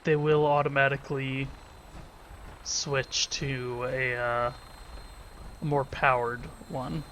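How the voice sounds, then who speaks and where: A man's voice: mid-range voice, flat delivery, slow pace, fairly bright tone, a little hiss or hum. A man giving casual gameplay commentary as a let's play host, joking and irreverent, thinking aloud. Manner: joking, irreverent, talks to himself.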